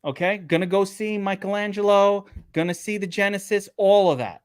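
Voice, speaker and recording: A man, co-hosting a sports betting podcast and telling a story in a profane, animated way. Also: high-pitched, moderate pace, clear, resonant tone, no echo, clean studio sound. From Brooklyn, New York. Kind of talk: casual chat.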